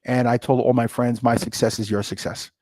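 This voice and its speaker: A middle-aged man telling stories in a casual interview, animated and acting out dialogue, often jumping up in pitch. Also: brisk, rough recording. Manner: animated, jumps to high excited pitch when retelling; many fillers and restarts, acts out quoted dialogue. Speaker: guest, scotch brand founder.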